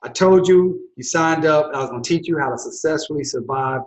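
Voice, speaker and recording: A man with a fairly high voice teaches his audience their legal rights in an emphatic, repetitive style, hammering short phrases over and over. The recording has a noticeably echoey room sound. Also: fairly quick. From United States. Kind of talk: direct-to-camera instructional talk.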